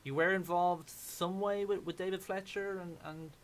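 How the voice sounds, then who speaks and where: Man, radio host, halting delivery, repeats words, friendly chat. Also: sits high, fairly even intonation, a little hiss or hum. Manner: halting, repeats words while finding his phrasing.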